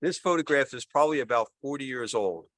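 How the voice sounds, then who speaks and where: A man's voice: medium pitch, animated, fast talker, fairly bright tone, dry recording. An older man, a priest, giving a homily in a conversational, rambling way, mixing jokes with personal stories. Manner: conversational, rambling, self-correcting. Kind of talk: sermon with jokes and storytelling.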